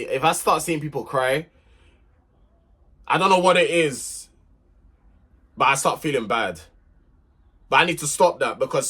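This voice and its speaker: A man's voice: medium pitch, bright, forceful tone, slightly rough. A young man telling a relationship story to camera in an emphatic, irritated rant, repeating himself to make his point. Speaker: vlogger.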